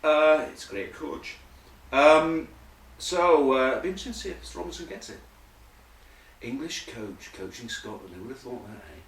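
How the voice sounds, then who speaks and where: A man's voice: mid-range voice, expressive, normal speed, recorded from a distance, slight background noise. A man hosting a comic rugby news monologue, rambling with jokey asides. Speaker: host. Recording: echoey room, voice off-mic.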